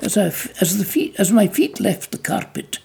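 A narrator reading a novel aloud in measured storytelling, with small slips and restarts, in a gravelly, husky voice. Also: medium pitch, expressive, mellow, a little hiss or hum. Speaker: audiobook narrator.

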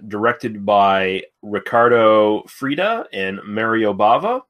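A man hosting a casual film podcast, relaxed and self-deprecating, often laughing. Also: fairly low pitch, slow pace, lo-fi sound, soft background music. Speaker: podcast host. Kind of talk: casual chat.

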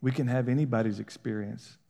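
A man's voice: medium pitch, steady tone, brisk, gravelly, warm tone. A man preaching a sermon in a conversational, folksy way, with call-and-response questions and rising emphasis.

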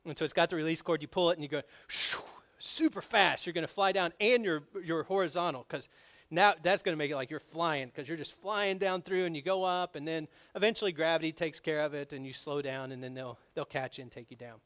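A man delivers a sermon from the pulpit, his voice sitting a touch higher than most men's. He tells personal stories with animated energy, pushing louder and higher when he drives a point home. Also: brisk. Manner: storytelling, animated, grows loud on emphasis. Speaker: pastor.

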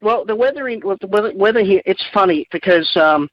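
Australian male caller, wry and jokey, slightly high voice, dull dry phone-in line. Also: expressive. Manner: joking, wry and quick. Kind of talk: phone-in chat.

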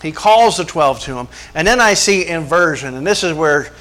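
A man's voice: a little high, expressive, normal speed, fairly bright tone. Folksy preacher man. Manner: folksy storytelling, acts out voices, chuckles. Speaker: pastor. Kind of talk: sermon with jokes.

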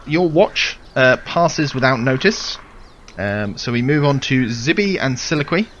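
A man running a tabletop role-playing game as game master, prompting the players in a relaxed way. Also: medium pitch, slow pace, slight background noise.

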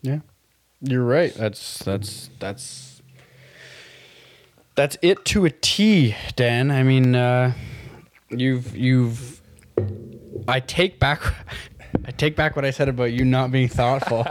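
A man's voice: medium pitch, slow pace, no echo. A man in casual chat, laid-back and affirming, with a teasing edge.

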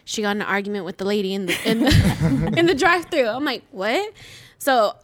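A middle-aged woman guest telling a family story in a casual, animated way, with swearing. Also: medium pitch, fairly quick, no echo. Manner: animated, swears, laughs through her story. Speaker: podcast guest.

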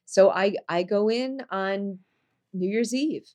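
A woman earnestly tells a personal story in conversation, taking it slowly. She's animated, dropping soft and low at serious moments and leaping high in pitch when quoting people.

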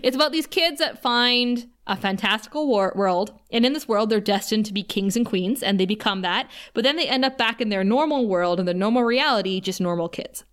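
Woman podcast co-host, casual episode recap, chatty, animated, laughs a lot, mid-range voice. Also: medium pitch, fairly quick, hardly any pauses.

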